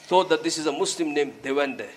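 A man preaches a sermon in English sprinkled with Urdu and Arabic religious words, telling a story and earnestly urging his listeners, growing louder as he exhorts them. His voice is on the high side, fast, with a breathy edge.

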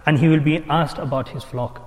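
A man delivers an animated sermon, pressing his listeners with rhetorical questions. His voice sits fairly high for a man. Long reverb trails each phrase, as in a hall. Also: brisk. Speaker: imam.

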